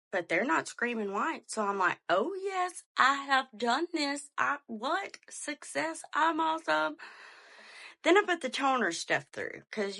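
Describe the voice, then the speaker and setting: Bright-voiced chatty woman. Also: a little high. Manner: animated, chatty, addresses listeners as y'all. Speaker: podcast host. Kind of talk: casual storytelling monologue.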